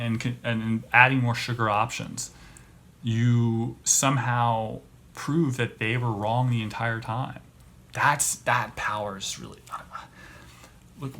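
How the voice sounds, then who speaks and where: A man hosts a podcast in a casual, comedic rant, rambling and indignant and restarting his sentences over and over. His voice sits at an average pitch. A faint hiss runs under the recording. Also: a bit bright. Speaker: podcast host.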